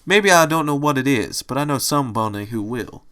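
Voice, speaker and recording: A man's voice: medium pitch, expressive, a little fast, a bit bright, pitched above the performer's own voice, lightly acted. A man doing a grumpy wiseguy bunny boss. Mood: dry. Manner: dry, gruff wiseguy talk. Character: grumpy, streetwise male pet bunny boss.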